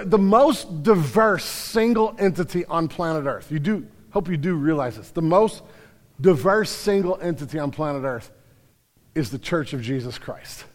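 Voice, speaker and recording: A male pastor preaching a sermon, emphatic, swinging between loud declarations and quiet stretches. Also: fairly high pitch, big-room sound. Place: church sanctuary.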